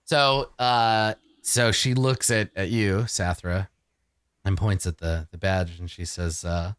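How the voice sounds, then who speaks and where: A man's voice: low voice, fairly even intonation, takes it slowly, a bit bright, smooth, dry recording, clean studio sound. A man narrating a tabletop game as game master, casual and full of restarts. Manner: casual, many fillers and restarts.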